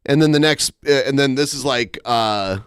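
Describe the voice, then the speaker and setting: A man's voice: medium pitch, moderate pace, background noise. A man hosting a comedy podcast, mockingly reading out and reacting to chat messages with frequent laughs. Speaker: podcast host. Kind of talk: casual comedic commentary.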